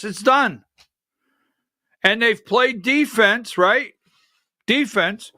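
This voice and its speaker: A middle-aged man hosting a political commentary livestream, ranting with fiery profanity and shouted outbursts. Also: very high voice, expressive, slow pace, long pauses, dry recording, clean studio sound. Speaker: political commentary show host.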